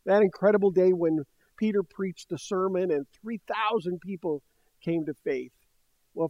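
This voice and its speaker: A man's voice: high-pitched, no echo. An older man preaching a sermon in a conversational way, with light laughs between points. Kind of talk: sermon teaching. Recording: dull dry studio sound.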